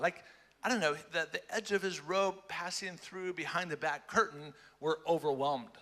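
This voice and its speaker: Bright, animated male preacher. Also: a little high, normal speed. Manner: animated, playful, repeats phrases for emphasis. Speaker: conference speaker. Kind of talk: lively conference sermon.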